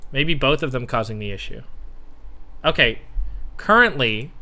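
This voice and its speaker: Bright-voiced man streaming, cursing at his setup. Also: mid-range voice, expressive, measured pace. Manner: muttering, swearing while fixing audio setup. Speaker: game streamer. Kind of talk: casual live-stream chat. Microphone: desk microphone with voice software.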